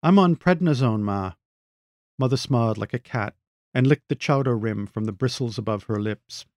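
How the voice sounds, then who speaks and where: A man reading his own short story aloud in a measured, wry way, close to the mic. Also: fairly low pitch, fairly even intonation, a little mellow, dry recording. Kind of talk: literary reading.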